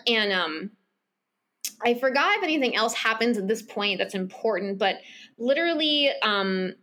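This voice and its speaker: A woman's voice: a little high, expressive, moderate pace, bright, forceful tone. A woman co-hosting a podcast, recapping a romance novel in casual chat, rambling with lots of fillers and acting out bits of dialogue. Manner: rambling, filler-heavy, acts out character lines. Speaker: podcast co-host.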